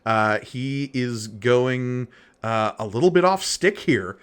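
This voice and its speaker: A man's voice: medium pitch, takes it slowly, smooth. A man co-hosting a podcast, casually recapping a comic book page by page. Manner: relaxed, recaps the story page by page. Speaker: podcast co-host.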